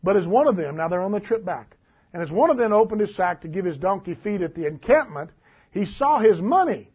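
High husky-voiced preacher man. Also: brisk. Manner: folksy, animated, laughs at the text. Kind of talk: sermon, reading and commenting on scripture. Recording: dull lo-fi recording.

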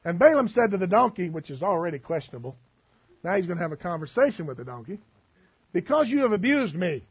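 A man's voice: high-pitched, very animated, fast, husky. Man, pastor, sermon, folksy, dull lo-fi recording. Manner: folksy, preachy, with asides and humor.

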